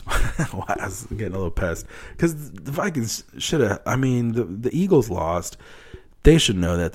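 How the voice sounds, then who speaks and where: Low-voiced man ranting about sports. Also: a little mellow. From Wisconsin, United States. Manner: swears often, gets worked up about sports. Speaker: podcast host. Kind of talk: casual solo podcast talk.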